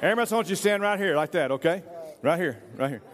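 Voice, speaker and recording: Preacher guy, kinda high voice, joking around with volunteers, long church reverb. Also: expressive, fast, a faint crowd, a little hiss or hum. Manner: playful, jokey, hurries volunteers along. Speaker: pastor. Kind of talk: sermon with a staged reenactment. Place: church sanctuary.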